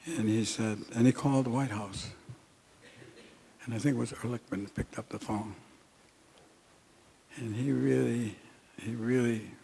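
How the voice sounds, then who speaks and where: An older man recounting a personal story in a speech, unhurried and halting with many pauses. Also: medium pitch, fairly even intonation, creaky, mellow. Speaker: speaker at an honoring event.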